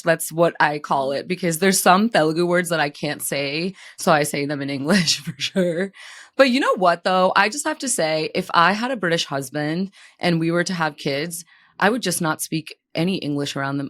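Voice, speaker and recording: A woman's voice: low voice, fairly bright tone. A woman co-hosting a podcast in casual chat, laughing often as she talks. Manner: giggly, laughs often between lines. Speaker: podcast co-host.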